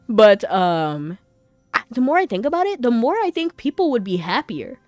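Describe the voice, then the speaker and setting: A young woman chats her way through a game stream, easygoing and chatty, breaking into giggles between thoughts. Soft game music plays quietly under her voice. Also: on the high side, sing-song, a little slow, no echo. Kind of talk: casual gameplay chat.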